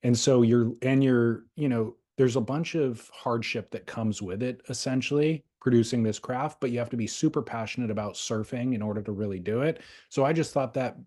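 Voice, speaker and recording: A man's voice: mid-range voice, normal speed, hardly any pauses, mellow. A man hosting a podcast, chatting casually about surfboards in a loose, rambling, thoughtful way with restarts. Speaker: podcast host. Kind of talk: casual chat.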